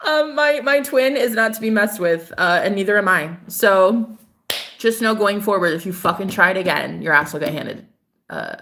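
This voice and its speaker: A woman's voice: mid-range voice, moderate pace. A young woman vlogging casually about her spiritual life, laughing and swearing as she talks. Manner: animated, swearing, laughing often. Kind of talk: casual monologue to camera.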